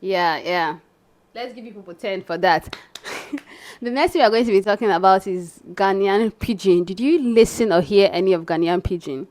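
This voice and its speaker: A woman's voice: medium pitch, normal speed, darkish tone. A young woman from Nigeria hosting her vlog, chatting casually to viewers she calls besties. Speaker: vlogger host. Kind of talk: casual chat.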